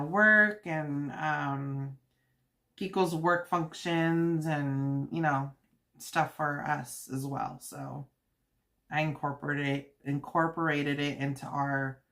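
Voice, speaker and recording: Woman, livestream host, casual cooking chat, giggly, lots of fillers, lowish voice. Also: fairly bright tone. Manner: chatty and giggly, full of fillers and quoted asides.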